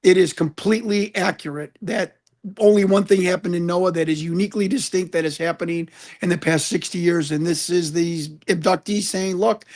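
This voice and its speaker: A man's voice: high-pitched, normal speed, a little mellow. A man, a guest and UFO investigator, talking earnestly in an interview, often repeating words as he searches for the next thought. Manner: earnest, preachy, repeats words when stuck. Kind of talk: conversational interview.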